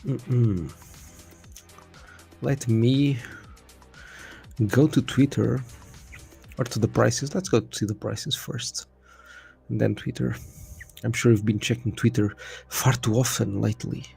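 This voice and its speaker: A man's voice: mid-range voice, steady tone, unhurried, gravelly, pauses often, darkish tone, husky, soft background music. A man from Portugal hosting a crypto livestream, chatting casually in a rambling, slangy way and swearing now and then.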